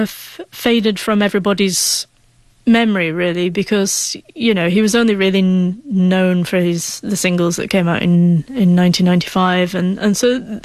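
A woman's voice: lowish voice, darkish tone, no room sound. A young woman with a stutter, telling a heartfelt personal story as an interview guest, sometimes getting emotional.

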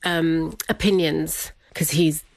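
Chatty middle-aged woman, low-pitched. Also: steady tone, takes it slowly, gravelly, no room sound. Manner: chatty, laughs often while telling a story. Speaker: interview guest. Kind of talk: casual personal storytelling.

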